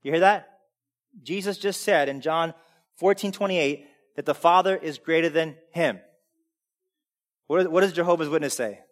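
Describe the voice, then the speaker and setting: A man preaching a sermon as pastor, emphatic, swinging between loud preaching and quiet asides. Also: fairly high pitch, moderate pace, long pauses. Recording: long hall reverb.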